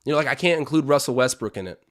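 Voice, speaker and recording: A man's voice: medium pitch, expressive, racing. A young man hosting a live-stream watch-along, chatting opinions, calling plays and reading out viewer comments.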